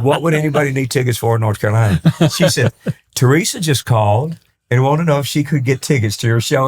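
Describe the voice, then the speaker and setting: A man's voice: medium pitch, fast talker, a little hiss or hum. An older man from East Texas, telling stories as a guest on a casual interview podcast and acting out the dialogue as he goes. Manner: animated storyteller who acts out quoted dialogue, with frequent restarts. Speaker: country singer, podcast guest.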